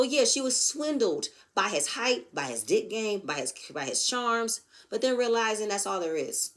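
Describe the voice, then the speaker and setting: A woman giving a blunt, profane, animated recap of a reality show episode. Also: lowish voice. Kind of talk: casual recap commentary.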